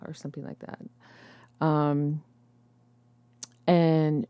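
A young woman recounts a story in a loose, halting way. Her voice sits a little low for a woman. The sound is dry, with no room around it. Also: steady tone, a little mellow, no room sound. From United States. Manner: rambling, halting, many fillers. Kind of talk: casual storytelling.

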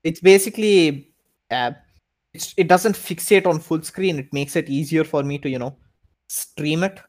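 A man's voice: fairly high pitch, moderate pace. Hesitant young-sounding podcast co-host man. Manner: hesitant, stammering restarts. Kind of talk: casual chat.

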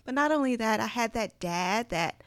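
A woman's voice: fairly high pitch, lively intonation, moderate pace, a bit bright, no echo. A woman telling a heartfelt family story in casual chat, earnest and sprinkling in lots of "like.". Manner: earnest, many "like" fillers. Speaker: guest sharing a personal story.

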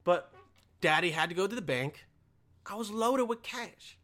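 A young man from Bosnia telling a crude, exasperated comic rant, breaking into sudden high-pitched outbursts. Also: expressive, unhurried, sharp tone. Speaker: comedian. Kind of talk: stand-up style ranting monologue.

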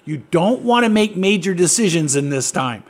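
Middle-aged male pastor, earnest storyteller, speaks on the high side. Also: expressive, moderate pace. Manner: storytelling, earnest, leading questions. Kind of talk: conversational preaching.

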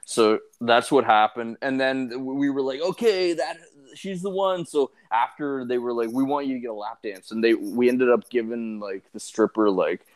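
A man's voice: medium pitch, fairly even intonation, moderate pace, hardly any pauses. A young man chatting casually, telling crude anecdotes in a laid-back way with fillers.

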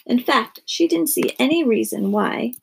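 A woman reading a children's story aloud with expressive narration. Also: on the high side, a little slow, gravelly, slight background noise.

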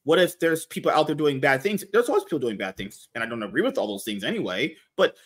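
A man's voice: medium pitch, very animated, fast talker, breathy edge. Man, podcast host, casual chat, rambling, swears freely.

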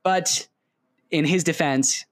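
A young man with a slightly high voice tells a story in a relaxed chat. He jumps into the voices of the people he's describing. The sound is dry and close, with no room echo. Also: slow. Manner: animated storyteller, acts out quotes.

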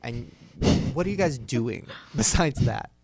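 A man hosting a podcast in casual chat, telling animated stories and mimicking people in high voices. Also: measured pace, gravelly, breathy edge, no room sound. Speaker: podcast host.

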